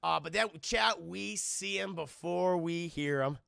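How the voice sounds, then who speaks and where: A man reviewing a film on a live stream, talking to his chat in an animated, profane way. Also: high voice, measured pace, gravelly, clean tone, no echo, clean studio sound. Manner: animated, profane, laughs often, talks to chat.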